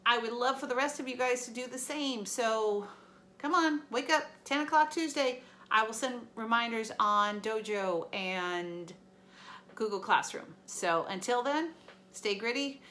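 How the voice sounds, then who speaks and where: A woman's voice: on the high side, a little slow, sharp tone. A woman teacher reading a novel aloud to her class online, with an upbeat, encouraging sign-off.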